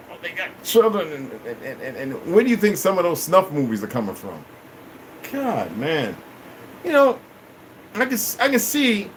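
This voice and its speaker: A man ranting on a livestream, cursing a lot and swinging between loud outbursts and low mutters. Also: a little hiss or hum, low-quality recording. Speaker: livestream host. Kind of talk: rambling livestream rant.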